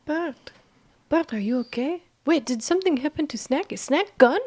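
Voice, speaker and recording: A man's voice: extremely high pitch, lively intonation, moderate pace, pitched above the performer's own voice. A man voicing a very young, anxious boy in a tabletop game, asking worried questions. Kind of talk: tabletop role-play voice.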